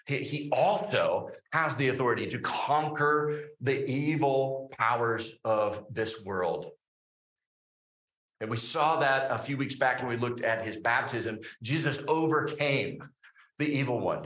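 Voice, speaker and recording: A man delivers a sermon in a bright, forward voice, leaning on tag questions and filler words as he thinks aloud. His voice rings out in a roomy, echoing sanctuary. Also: mid-range voice. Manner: animated preaching with frequent fillers and tag questions. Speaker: pastor.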